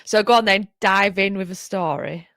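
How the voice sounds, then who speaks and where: A woman hosts the podcast in a playful, encouraging way and laughs often with her guest. Her voice sits at an ordinary pitch for a woman. The sound is dry and close to the mic. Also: moderate pace, a bit bright, dry recording. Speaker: podcast host. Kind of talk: casual interview.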